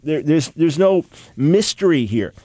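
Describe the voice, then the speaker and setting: A man's voice: fairly high pitch, lively intonation, warm tone, no echo. Emphatic scholarly man, dry close sound. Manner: emphatic, quick asides with mocking quoted objections. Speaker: Bible scholar. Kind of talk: lecture-style talk.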